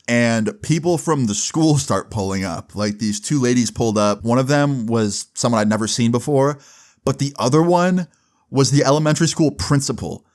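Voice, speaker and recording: Young male vlogger, casual storyteller, swears freely, mid-pitched. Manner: casual, profane, lots of fillers. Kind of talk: storytime vlog.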